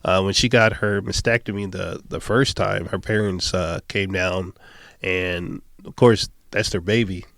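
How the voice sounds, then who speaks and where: A man's voice: low voice, fairly even intonation, unhurried, creaky, a bit bright, dry recording. A man in his thirties, a podcast guest telling stories in casual chat and laughing often.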